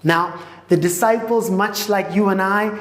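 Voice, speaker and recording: Slow-preaching woman in an echoing hall. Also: medium pitch. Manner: slow, repetitive preaching with frequent restarts. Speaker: pastor. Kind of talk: sermon. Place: church auditorium. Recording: echoey hall with long reverb.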